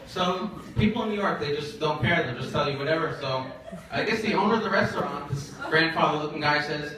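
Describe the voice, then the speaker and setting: A young man doing a stand-up comedy set, telling stories in a rambling, halting way full of fillers, with an audience laughing. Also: on the high side, sharp tone. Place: comedy event in a shared office space. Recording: echoey room from far off, audience laughter.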